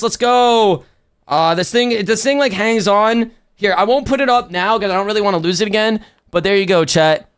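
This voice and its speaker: A young man live-streaming a haul and unboxing, chatting excitedly with his viewers. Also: high voice. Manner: excitable, talks to chat.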